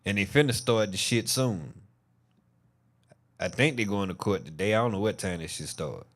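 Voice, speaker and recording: A man's voice: fairly low pitch, moderate pace. A tired man hosting a commentary vlog, reacting to trial testimony in a blunt, profane, incredulous way. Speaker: commentary channel host.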